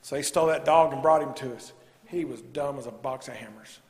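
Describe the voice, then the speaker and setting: A man's voice: medium pitch, fairly quick, darkish tone. A man preaching a sermon as a pastor, folksy and rising to emphatic preaching. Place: church sanctuary. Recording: long church reverb.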